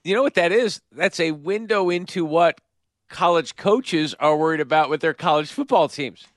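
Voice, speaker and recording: A man in his thirties with a slightly high voice chats casually on a podcast, telling family stories and laughing along. The sound is dry and close, with no room around it. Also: moderate pace, no echo. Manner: storytelling, laughing often. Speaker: podcast co-host. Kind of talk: casual chat.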